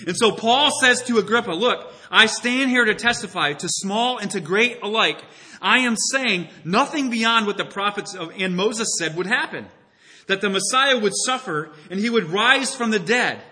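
A man delivering a sermon with a high, bright, slightly husky voice. He preaches animatedly and acts out the voices of the people in his story. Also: lively intonation, moderate pace. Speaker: pastor.

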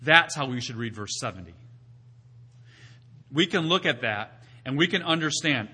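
A male pastor preaching a sermon, asking his listeners rhetorical questions and rising to loud, emphatic peaks before dropping back to quiet teaching. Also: mid-range voice, expressive, moderate pace, pauses often, slightly rough. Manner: asks the congregation rhetorical questions.

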